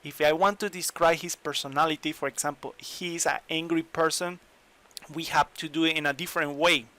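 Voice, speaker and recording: A man teaching in an online lesson, English, explaining slowly and repeating examples. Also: fairly high pitch, fairly even intonation, bright, forceful tone. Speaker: Spanish teacher.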